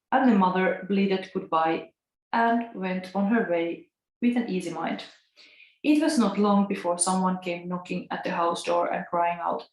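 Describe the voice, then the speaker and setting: A woman's voice: on the low side, fairly even intonation, a little slow, darkish tone. Chatty Finnish woman with an Italian-tinged accent. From Finland. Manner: musing, chatty, laughs often. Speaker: tarot reader. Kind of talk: casual tarot reading and storytelling. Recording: echoey room.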